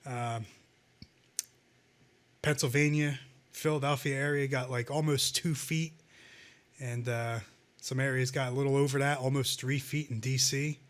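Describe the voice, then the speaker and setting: A man's voice: mid-range voice, steady tone, unhurried, long pauses. A man co-hosting a casual talk show, ranting sarcastically and swearing often. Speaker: podcast co-host. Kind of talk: casual profane chat.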